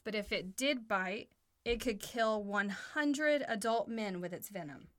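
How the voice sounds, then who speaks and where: In a home playroom, a woman co-hosts a podcast with her son, keeping the chat casual and posing simple questions to get him talking. She speaks at an unhurried pace in a medium-pitched voice with lively intonation and a bit of brightness.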